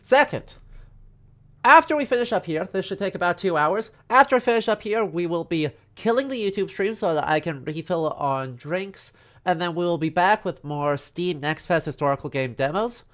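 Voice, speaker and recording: Here the congested history streamer sounds high and a touch bright, speaking at a moderate pace. He livestreams a casual, humorous lecture from his rural home, joking around with lots of fillers and tangents.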